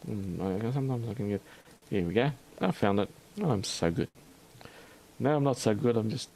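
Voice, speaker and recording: An Australian man hosting a livestream in a rambling, halting chat full of fillers and restarts. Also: medium pitch, warm tone. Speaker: livestream host.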